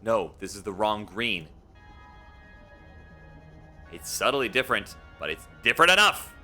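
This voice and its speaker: A man chatting casually while live streaming a video game, rambling and swinging between loud pleading and quiet mumbling. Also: lowish voice, big pitch swings, a little slow, soft background music.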